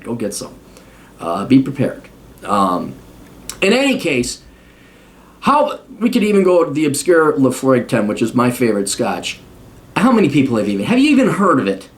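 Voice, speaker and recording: Blunt, profane man ranting. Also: a little high. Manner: blunt, profane, opinionated rant. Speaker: host. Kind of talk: casual monologue.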